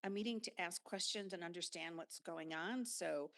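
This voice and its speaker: A woman's voice: fairly low pitch, moderate pace, fairly bright tone. An older woman, a longtime resident, giving a frustrated but polite comment at a town meeting.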